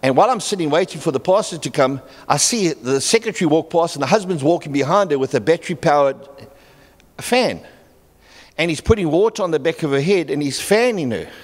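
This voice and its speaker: A middle-aged man preaching a sermon, telling stories with halting restarts and acting out the people in them. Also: on the high side, lively intonation. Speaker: pastor. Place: church hall. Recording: long reverb in a church hall.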